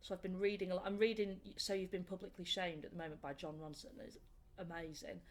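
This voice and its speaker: A young woman with a Northern English accent, a comedian chatting in a casual interview and telling animated, laughing stories. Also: lowish voice, quick pace. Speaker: comedian guest. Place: indoor room.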